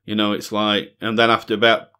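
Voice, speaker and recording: Man, middle-aged, lowish voice, earnest, repeats himself for emphasis, casual monologue. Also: monotone, fairly quick, pushed and bright, clean tone. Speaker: music reaction channel host.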